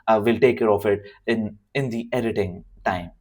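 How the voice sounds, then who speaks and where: A man's voice: lowish voice, normal speed, darkish tone, lightly acted. A man playing a fussy male influencer who pleads with his editor to cut his mistakes. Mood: pleading.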